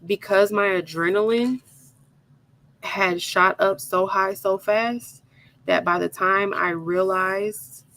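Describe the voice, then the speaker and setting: A woman hosting a crafting video, telling an animated, dramatic story straight to her viewers while she works. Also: fairly low pitch, vocal fry, poor audio. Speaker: crafting channel host.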